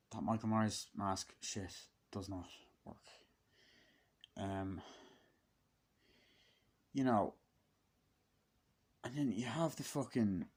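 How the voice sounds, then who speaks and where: A man's voice: lowish voice, a little mellow. A man giving an unscripted movie review in a rambling way, swearing a lot and using many fillers. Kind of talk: casual, unscripted spoken review.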